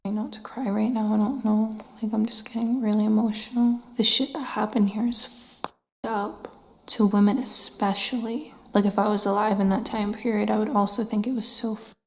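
A woman investigating a haunted building speaks in a hushed, shaken whisper. Her voice stays flat and gravelly. It bounces around a large echoey room. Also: mid-range voice, brisk. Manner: hushed, emotional, swearing. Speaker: paranormal investigator. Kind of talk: whispered ghost-hunting narration. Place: large old building indoors.

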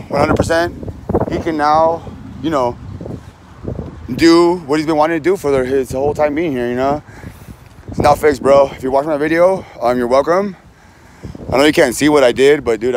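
Young guy, casual outdoor vlog on a phone, loose slangy rambling, pokes fun at himself, faint outdoor noise behind. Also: medium pitch. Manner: rambling, self-mocking, chatty slang. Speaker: vlogger. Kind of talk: casual vlog while doing yard work. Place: outdoors in a backyard.

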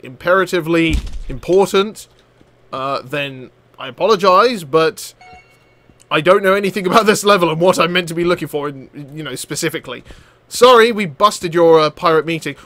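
A man commentating his own gameplay, excitable and chatty, shouting at enemies and laughing often. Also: fairly high pitch, no room sound. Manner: excitable, loud outbursts and swearing, frequent laughter; chatty, talks to enemies on screen. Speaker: gaming channel host. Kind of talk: let's play commentary.

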